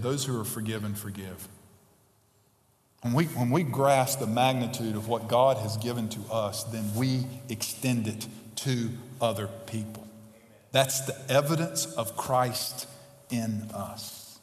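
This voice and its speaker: A man preaching a sermon as pastor, moving from quick asides to impassioned, building emphasis. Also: medium pitch, slight background noise. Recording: echoey hall, long reverb.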